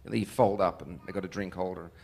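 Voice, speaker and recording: A man, a musician being interviewed. He tells stories in an animated, joking way and laughs often. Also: low voice, very fast, vocal fry. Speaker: musician guest. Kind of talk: casual interview storytelling.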